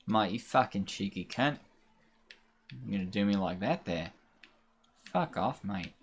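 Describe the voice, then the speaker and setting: A man's voice: lowish voice, lively intonation, a little slow, slight background noise, voice pushed down. A man putting on a crude mock Australian bloke. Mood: taunting. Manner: swearing, taunting.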